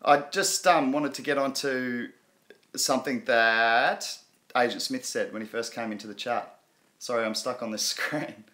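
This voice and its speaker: A man's voice: medium pitch, steady tone, measured pace, bright, forceful tone. A man hosting a crypto live stream, chatting casually and in a rambling way, reading viewer comments aloud and laughing often.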